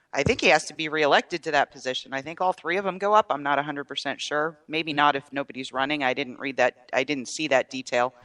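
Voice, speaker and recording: A woman's voice: sits low, fairly bright tone, no echo. A woman co-hosting a political talk show, recapping news in a chatty, hedging way. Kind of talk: political chat.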